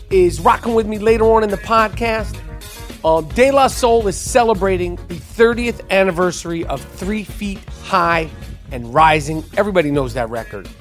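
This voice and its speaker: Profane, ranting podcast host, a man. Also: high-pitched. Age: 40s. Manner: loud, cursing, exasperated rant.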